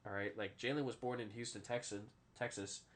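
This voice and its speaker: A man's voice: lowish voice, fairly even intonation, a little fast, a bit bright. A man hosting a casual sports podcast, rambling through stories, often adding "all right?" and swearing freely. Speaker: podcast host.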